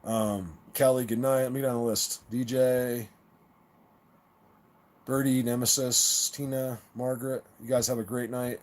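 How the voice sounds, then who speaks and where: A man's voice: medium pitch, level tone, measured pace, a little mellow. Rambling laid-back guy chatting on a live stream. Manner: rambling, with many restarts and stammered repeats; laid-back and chummy, laughing at his own stories. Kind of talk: casual live-stream chat with viewers.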